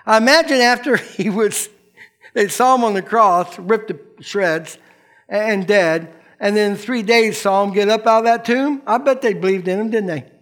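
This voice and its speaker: A man's voice: high voice, normal speed, a bit bright. A middle-aged male pastor giving a casual, slangy sermon and acting out the people in the story. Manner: folksy, slangy, acts out quotes.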